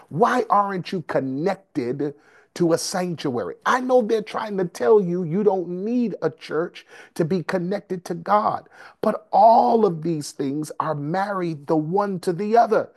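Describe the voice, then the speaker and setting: A man preaching a sermon in a slow, rhythmic cadence, repeating and building phrases. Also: high-pitched, darkish tone. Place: service streamed over video call and conference line.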